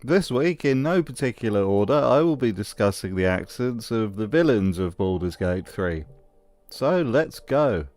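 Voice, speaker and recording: A man's voice: on the low side, sing-song, a little slow, a little mellow, no room sound. A man narrating a scripted video analysis of game voices with dry, wry humor.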